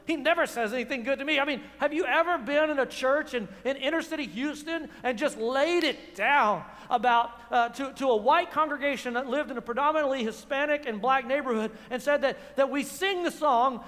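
A man preaching a sermon in a sarcastic, quick manner, often repeating words, in a church. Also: very high-pitched, fairly bright tone. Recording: long hall reverb.

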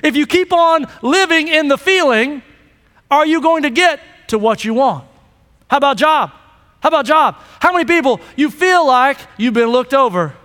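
A man's voice: extremely high pitch, lively intonation, normal speed, a bit bright. A man preaching a sermon as pastor, emphatic and calling out to the congregation for a response. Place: church sanctuary. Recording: long reverb of a large hall.

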